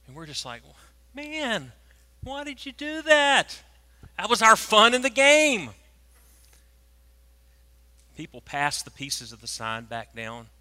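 A preacher, telling a story in a sermon and swinging from hushed tones to loud, animated moments. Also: male voice, mid-range voice. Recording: long reverb of a large hall.

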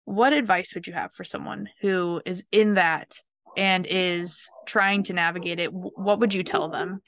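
A woman's voice: fairly low pitch, fairly even intonation, measured pace, fairly bright tone, no echo, studio quality. A woman hosting a podcast, talking earnestly and emotionally with many restarts and repeated words. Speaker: podcast host. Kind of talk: heartfelt podcast conversation.

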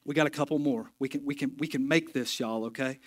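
A man's voice: medium pitch, fairly quick. A man preaching a sermon in a church, folksy and joking, with emphatic stretches. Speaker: pastor. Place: church sanctuary.

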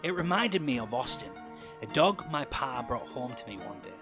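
A man's voice: mid-range voice, big pitch swings, moderate pace, over music. A man reading a first-person fan fiction story in a dramatic storytelling way.

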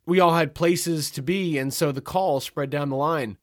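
A man narrating a comic first-person story in a wry, dry, deadpan manner. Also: a little high, normal speed, no room sound.

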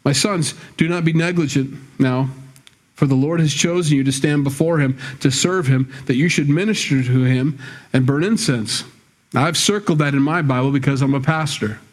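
A male pastor delivers a sermon to his congregation in a conversational preaching style. His voice sits a little high for a man, and he swings into emphatic, scolding bursts. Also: moderate pace. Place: church sanctuary with a congregation.

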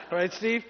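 A male pastor telling a story in a sermon, acting out the dialogue and joking with his congregation. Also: dull audio. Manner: animated, acts out dialogue, jokes with the congregation. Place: church service with live congregation.

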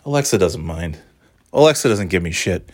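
A man's voice: low voice, lively intonation, moderate pace, no echo, clean studio sound. A man from New England in a rambling, self-mocking monologue, exasperated at times.

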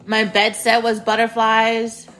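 A woman's voice: fairly high pitch, completely flat delivery, takes it slowly, a bit bright, faint music behind. A woman in her thirties hosting a casual solo podcast from a spare bedroom at home. She talks straight to her listeners and repeats her phrases. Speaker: podcast host.

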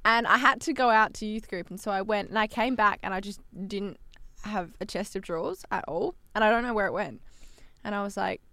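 A young Australian woman chats in a casual podcast, quick to laugh as she tells a story. Her voice sits at a middle pitch and sounds dry and close to the mic. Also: pushed and bright, no echo. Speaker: radio announcer.

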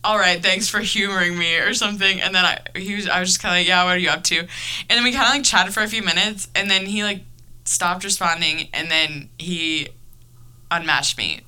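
A young woman hosts a casual podcast chat, her voice very bright and crisp. She tells stories in an animated way, laughing often and filling pauses with lots of fillers. She sits at home in Florida. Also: fairly low pitch. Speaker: podcast host.

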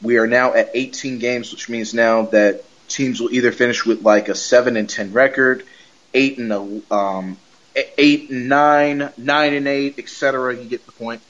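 A man's voice: mid-range voice, steady tone, normal speed, fairly bright tone. A young man hosting a casual sports podcast, rambling with stuttered restarts and laughing at his own jokes. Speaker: podcast host. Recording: lo-fi podcast audio.

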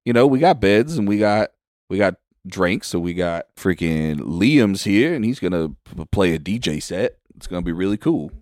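A man's voice: low voice, expressive, normal speed, darkish tone, no echo, studio quality. A man voicing a pun-loving male penguin innkeeper who talks in a folksy, eager way.

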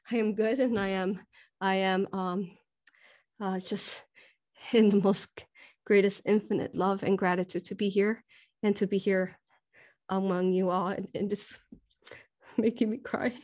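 A woman's voice: mid-range voice, level tone, a little slow, pauses often, darkish tone. Emotional woman host, short of breath. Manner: emotional, laughs often, tearful at times. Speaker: host and hypnosis teacher. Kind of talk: live spiritual Q&A talk.

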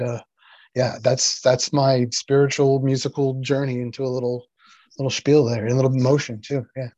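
A man speaks in a husky, breathy voice, stumbling through restarts and fillers as he holds back tears. His voice comes through a dry, slightly dull lo-fi recording, as on a video call. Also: mid-range voice, a little mellow, no echo. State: near tears. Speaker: interview guest, sound healer. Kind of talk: emotional personal story in casual conversation.

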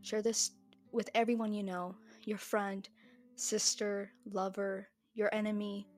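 A woman's voice: medium pitch, flat delivery, a little slow, darkish tone, soft background music. A young woman hosting a solo podcast, talking bluntly and heatedly and swearing freely. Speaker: podcast host.

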